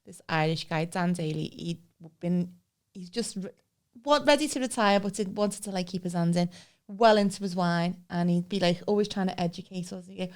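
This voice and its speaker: A woman's voice: lowish voice, moderate pace. A woman, co-hosting a podcast and telling funny stories in a casual chat, doing voices of the people in them. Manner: lively, animated impressions of people in her stories. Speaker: podcast co-host.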